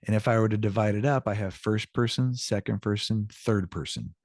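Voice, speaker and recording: Older male teacher, low-ish voice, chatty explainer, dry sound. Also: a little fast, a little mellow, dry recording. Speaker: Spanish teacher. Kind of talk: classroom lesson.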